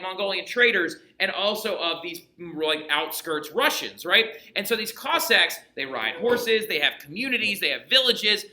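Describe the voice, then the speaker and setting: A man lecturing on history to his class, animated and chatty, often checking in with his students. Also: sits high, echoey room. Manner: animated, chatty, many asides and rhetorical checks. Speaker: history teacher.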